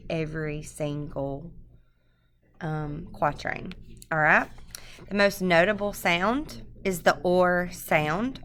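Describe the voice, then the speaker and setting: Low, slow, gravelly-voiced woman lecturing. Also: fairly bright tone, slight background noise. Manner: halting, explanatory, many um fillers. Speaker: presenter explaining a poem. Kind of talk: screencast lecture.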